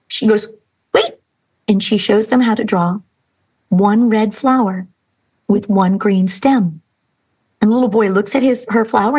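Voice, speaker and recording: A woman hosting a podcast, telling a story and speaking earnestly and emphatically, slowing down for emphasis. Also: on the high side, darkish tone, breathy edge, poor audio. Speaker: podcast host. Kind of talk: storytelling and inspirational talk.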